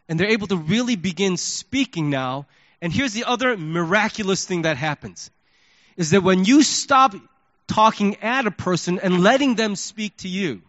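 A male pastor preaching a sermon, telling a story in an animated way and acting out his own reactions. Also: high-pitched, no echo, dull audio.

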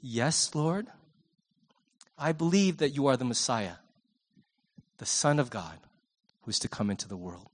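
A man voicing a hesitant grieving woman who speaks quietly and haltingly. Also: mid-range voice, lively intonation, pitched below the performer's own voice. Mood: hushed. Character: hesitant grieving woman, slowly coming to believe.

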